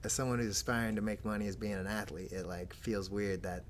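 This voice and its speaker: A man's voice: fairly low pitch, steady tone, fast talker, slight background noise. A man co-hosting a casual chat in a laid-back way, hedging his points with frequent "like". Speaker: co-host.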